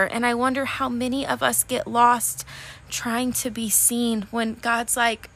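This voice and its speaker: A woman with a slightly high voice hosts a faith podcast and talks straight to her listeners. She preaches with fervor, calls them honey and friend, and her voice is heavy with emotion. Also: little pitch movement, a little slow, a bit bright. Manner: emotional, voice wavering toward tears at times. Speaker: podcast host. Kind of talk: faith-based motivational podcast talk.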